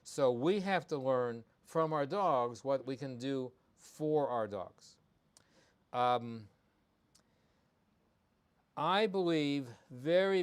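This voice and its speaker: Speaking extremely slowly with long pauses, a man who hosts a live pet behavior show as a veterinarian uses an expressive, clean-toned mid-range voice. He is conversational, often saying um and starting over, and he emphasizes and repeats what matters most.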